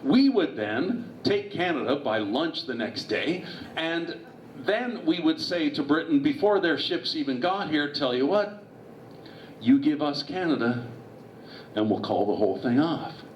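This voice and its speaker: A man playing an eager, scheming male statesman who pitches a plan in a raised, pushy voice. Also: expressive, unhurried, slight background noise. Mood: persuasive. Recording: distant, roomy, dull hall recording.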